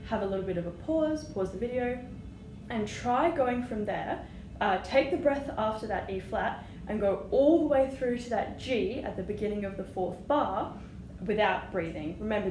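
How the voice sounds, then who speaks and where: Woman flute teacher, encouraging, fairly high voice, roomy echo, noisy background. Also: animated, moderate pace. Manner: patient, encouraging, sings note rhythms. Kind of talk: music lesson. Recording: echoey room with audible noise.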